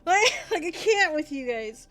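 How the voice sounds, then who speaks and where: Young woman streaming, high cute voice, swears a lot, stuffy and clearing her throat. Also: sing-song, unhurried, a bit bright. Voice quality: high, youthful voice she calls cute. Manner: rambling, swears often, reacts to chat. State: sniffly, sneezing and clearing throat. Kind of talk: casual game stream chat.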